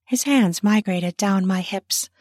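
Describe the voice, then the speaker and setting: A woman narrating an erotic story in the first person, soft and breathy, sometimes dropping to a whisper. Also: medium pitch, takes it slowly, dry recording, clean studio sound.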